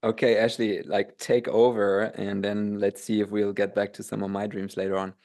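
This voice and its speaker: Low-voiced man in a hesitant podcast chat. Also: little pitch movement, moderate pace, darkish tone. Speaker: podcast co-host. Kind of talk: casual chat.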